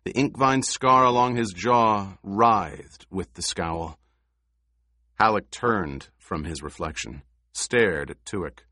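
A man reading an audiobook in slow, even scripted narration. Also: low voice, dry recording, studio quality.

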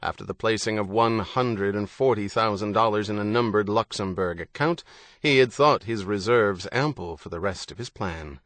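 A man reading a novel aloud in measured, even scripted narration. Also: fairly low pitch, dry recording. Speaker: audiobook narrator.

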